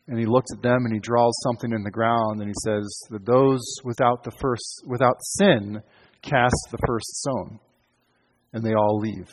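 A man's voice: medium pitch, fairly even intonation, normal speed, slight background noise. A man preaching a sermon in an earnest way, restarting phrases often as he retells scripture. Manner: earnest, with frequent restarts and quoted lines. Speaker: pastor. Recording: long hall reverb.

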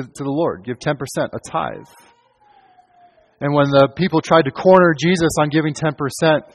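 A man preaching a sermon in an earnest way, restarting phrases often as he retells scripture. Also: on the high side. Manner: earnest, with frequent restarts and quoted lines. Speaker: pastor. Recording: long hall reverb.

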